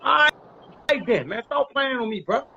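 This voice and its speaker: A man with a Washington, D.C. accent talking in a strikingly high voice. He speaks emphatically in a casual interview, circling back to repeat his points with lots of street slang. A faint hiss sits under the recording. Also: lively intonation, normal speed, gravelly, bright, forceful tone, lo-fi sound. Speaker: guest.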